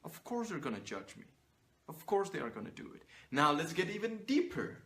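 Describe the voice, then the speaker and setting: Brief: young male image coach, forceful and profane, monologue to camera. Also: a little high, very animated, fairly quick, creaky. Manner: blunt and profane, emphatic preaching.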